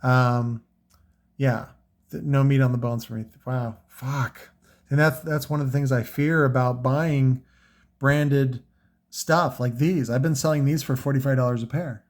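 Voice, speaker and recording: A man's voice: mid-range voice, fairly even intonation, a little slow. A man talking casually and loosely about gear he sells, with lots of fillers and swearing. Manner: rambling, frequent fillers and profanity. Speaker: car audio seller reviewing products. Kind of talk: casual unscripted product talk.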